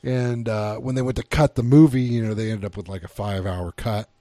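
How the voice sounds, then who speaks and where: A man co-hosting a casual movie review podcast, talking in halting bursts with many fillers and restarts. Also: on the low side, steady tone, dark tone, no echo. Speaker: podcast co-host.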